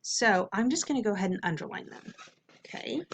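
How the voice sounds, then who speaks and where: A woman teacher leading a phonics lesson for kids, patiently drilling the vowels and slowly sounding out syllables. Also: mid-range voice, lively intonation, slight background noise. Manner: patient, repetitive classroom drills.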